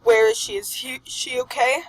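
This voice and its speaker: A woman's voice: high voice, lively intonation, takes it slowly, vocal fry, voice pushed up, heavily acted, rough recording. A woman doing a short anxious skeleton. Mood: frantic.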